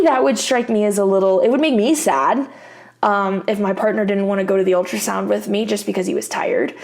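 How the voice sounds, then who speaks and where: A woman's voice: a little high, a little mellow. A young woman vlogging in a casual, rambling chat with many fillers.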